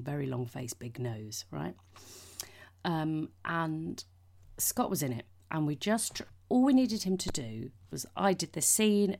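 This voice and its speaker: Low, gravelly woman. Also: darkish tone. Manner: rambling anecdotes with swearing and asides. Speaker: podcast host. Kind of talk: casual chat.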